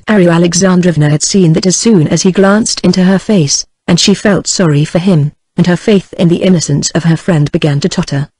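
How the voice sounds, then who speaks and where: A text-to-speech female voice with a British English accent, reading a novel aloud in an even, steady delivery. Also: lowish voice, brisk, few pauses, husky, no echo, rough recording. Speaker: audiobook narrator. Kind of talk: synthetic audiobook narration.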